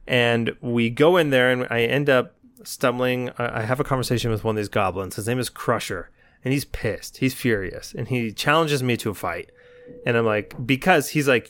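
Lively male podcast storyteller. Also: medium pitch, moderate pace, no room sound. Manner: animated, acts out his own side of the story. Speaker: podcast co-host. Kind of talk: casual chat, storytelling.

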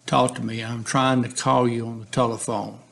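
A man's voice: medium pitch, little pitch movement, moderate pace, vocal fry, natural voice. A man reading the lines of a police negotiator from a case transcript, steadily and repetitively coaxing a man to talk. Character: male police negotiator, patient, persistent, pleading.

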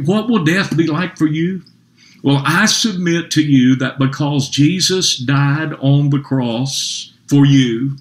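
A man pastor preaching a sermon, earnest, with rising emphasis and slowed key phrases. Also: fairly high pitch. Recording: roomy echo.

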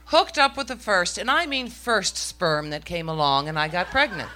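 A woman's voice: fairly low pitch, animated, moderate pace, bright, forceful tone. A middle-aged woman telling a story on stage to a live audience, with a wry, self-mocking comic delivery.

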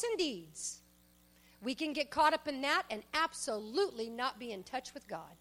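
High-voiced woman preaching a sermon. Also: sing-song, slow, soft background music. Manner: emphatic, swings between loud exhortation and soft asides; tells personal stories, acts out quoted speech.

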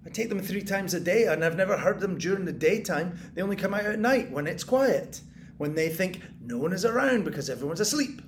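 A man's voice: sits high, expressive, a little fast, a little hiss or hum. A man playing a paranoid sleepless tenant. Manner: muttering, taunting, paranoid, bursts into angry shouts. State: exhausted and sleepless. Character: paranoid sleepless male tenant, bitter and unraveling. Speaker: sleepless tenant hearing noises in the walls. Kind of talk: audio drama monologue.

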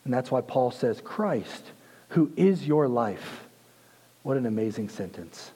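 Husky man preaching in a reverberant hall. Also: mid-range voice, animated, measured pace. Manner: intense, swings from hushed to emphatic. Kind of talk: sermon.

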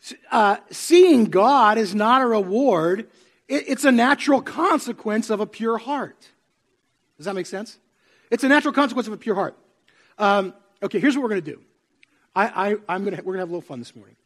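A man with a notably high-pitched voice delivers a sermon to a congregation in a church sanctuary. He talks in a conversational way and keeps checking in with his listeners through questions. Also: brisk. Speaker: pastor.

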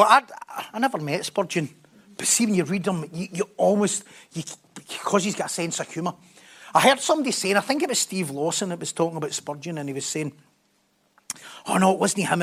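A man's voice: high-pitched, a bit bright. A man preaching a sermon in a conversational way, often laughing and joking at his own expense.

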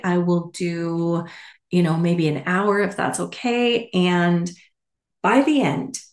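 A woman podcast host telling a personal story in a candid, animated way with casual asides. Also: on the low side, roomy sound.

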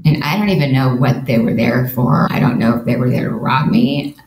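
A woman with a slightly gravelly, fry-tinged voice recounts a personal experience as a podcast guest. She speaks earnestly and vividly, voicing her own thoughts as she goes. The recording sounds roomy and echoey, with a faint hiss of background noise. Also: extremely low pitch, brisk, darkish tone. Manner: earnest, vivid retelling with quoted inner thoughts. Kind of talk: personal storytelling in a podcast interview.

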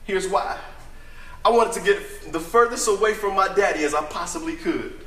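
A man performing a dramatic first-person monologue as a brash, boastful young prodigal son, emphatic and often shouting. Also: high-pitched, normal speed, echoey room.

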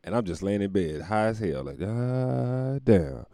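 A man's voice: on the low side, expressive, unhurried, mellow, dry recording. A young man hosting a podcast from home, telling stories in a loose, profane, laughing way. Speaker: podcast host. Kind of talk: casual comedic storytelling monologue.

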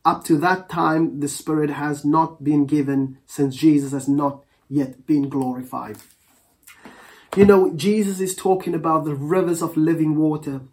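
A preacher delivering a Pentecostal sermon in a mid-pitched voice. They read scripture at a slow, deliberate pace and pray in an earnest, measured cadence, calling on the congregation to answer back. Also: fairly even intonation, a little mellow. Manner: reads scripture aloud slowly and calls for congregation responses.

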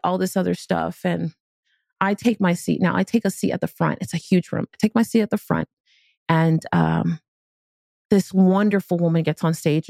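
A woman podcast host and business speaker telling a personal story in an animated, casual, slangy way. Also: on the low side, gravelly, no echo, studio quality. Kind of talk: storytelling motivational talk.

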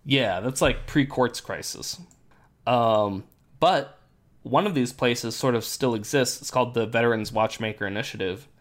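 Guy hosting a chill podcast, voice getting hoarse, lots of ums, explains stuff easy. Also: mid-range voice, moderate pace. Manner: relaxed, explanatory, many fillers. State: losing his voice. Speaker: podcast host. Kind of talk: casual podcast chat.

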